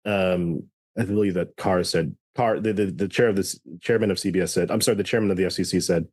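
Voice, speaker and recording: A man with a low-set voice talks through politics in a loose, rambling way. He stumbles, restarts and corrects himself as he goes. The sound is close and dry, with no room around him. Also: steady tone, quick pace, a little mellow, breathy edge, no room sound. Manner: rambling, self-correcting with many restarts and fillers. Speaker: podcast co-host. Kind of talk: casual political chat.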